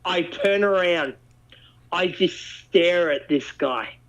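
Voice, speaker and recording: A man talks in a lively, animated storytelling way, swearing freely as he goes. His voice sits a little high for a man. The recording sounds dull and lo-fi. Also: takes it slowly. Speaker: podcast host. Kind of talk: casual chat. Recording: dull lo-fi audio.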